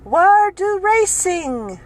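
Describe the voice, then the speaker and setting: Woman doing a cross confused lady customer, high pitched, super slow, insistent, broken english. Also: big pitch swings, exaggerated voice.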